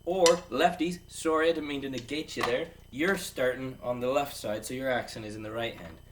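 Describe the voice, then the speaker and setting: A man's voice: medium pitch, fairly quick. A man teaching a casual drum lesson, rambling and joking as he counts beats aloud. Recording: distant mic with clear background noise.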